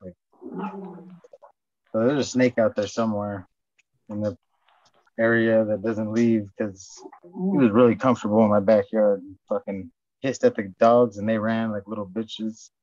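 A man's voice: on the low side, a little slow, long pauses, a little mellow, dry recording. A man telling rambling, profane stories in casual chat and acting out what people said. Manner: profane storytelling, acts out quotes. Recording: dull dry lo-fi sound.

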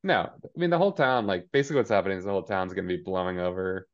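A man's voice: deep voice, rapid-fire, lo-fi sound. A man co-hosting a podcast, casually recapping a TV episode in a rambling style and paraphrasing the characters with lots of "like". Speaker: podcast co-host.

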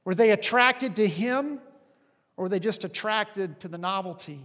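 A male pastor preaching a sermon with animated, rising and falling emphasis. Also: high voice, moderate pace, big-room sound.

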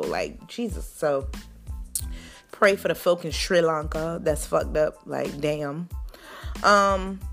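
Low-voiced, profane woman host. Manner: profane, fired-up commentary. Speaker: podcast host. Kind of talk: casual news chat.

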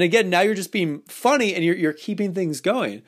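A man's voice: sits high, lively intonation, fast talker, few pauses. A man hosting a casual advice podcast, talking playfully and acting out the lines he quotes, with many restarts. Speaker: podcast host.

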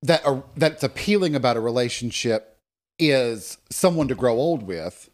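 A man co-hosts a podcast in loose, casual chat. He talks his way around an idea with many pauses and fillers. His voice sits at an ordinary pitch but rises and falls a lot. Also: expressive. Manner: thoughtful, circling, many fillers. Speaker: podcast co-host.

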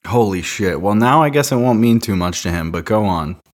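A man co-hosting a casual comedy chat, with a deadpan, mock-serious delivery. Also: on the low side, fairly quick. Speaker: podcast co-host.

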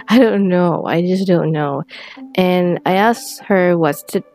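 A teenage girl telling a personal story in a rambling, halting way with many restarts, close to tears at times. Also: on the low side, a little mellow, faint music behind. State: tearful at times.

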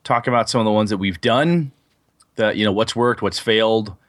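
A low-voiced man co-hosting a casual gaming podcast. He rambles through long stories, full of fillers and restarts. The sound is dry and close, with no room in it. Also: moderate pace, no echo. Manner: rambling, animated storyteller with many fillers. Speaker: podcast co-host. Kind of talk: casual podcast chat about tabletop gaming.

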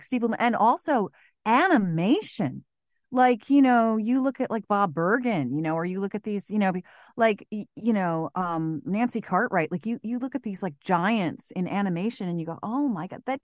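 A voice actress talking animatedly in an interview, emphatic and quick to laugh, with many restarts. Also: female voice, medium pitch, expressive, no echo, studio quality. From United States. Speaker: voice actress, guest. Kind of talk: casual interview chat.

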